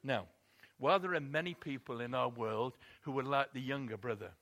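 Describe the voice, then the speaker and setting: A man's voice: mid-range voice, moderate pace, a bit bright. A man preaching a sermon, telling a story expressively and building emphasis on key points.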